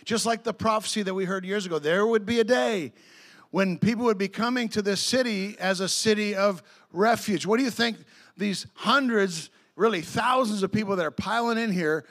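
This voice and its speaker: A middle-aged male pastor with a notably high voice, preaching. He tells his stories with excitable bursts, tripping into quick restarts and acting out the people he quotes. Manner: storytelling with acted-out quotes and laughter. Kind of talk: sermon.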